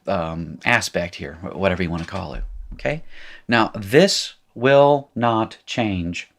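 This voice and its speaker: A man with a low voice gives a grammar lesson at a slow, unhurried pace. He drills word forms aloud one by one and drops the odd dry joke. His delivery is patient and methodical. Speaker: Hebrew teacher. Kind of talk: classroom lecture at a whiteboard.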